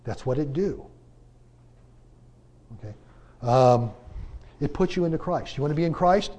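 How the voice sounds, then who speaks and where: A man teaching a Bible class in a conversational preaching style, asking rhetorical questions and pressing his points with emphatic swings in loudness. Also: fairly high pitch, expressive, a little slow.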